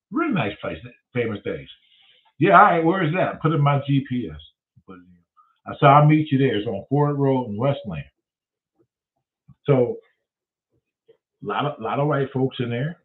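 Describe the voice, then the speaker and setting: In a medium-pitched voice at normal speed, broken by long pauses, a Detroit man spins a comedic story full of profanity, animatedly imitating the others involved. The audio is distant and tinny, like a phone.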